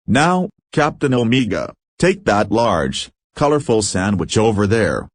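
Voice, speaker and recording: Pompous alien leader, male, low and dry, read by a man. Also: sing-song, measured pace, no echo, exaggerated voice. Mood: commanding. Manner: commanding, self-important. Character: pompous giant-brained male alien leader, easily alarmed.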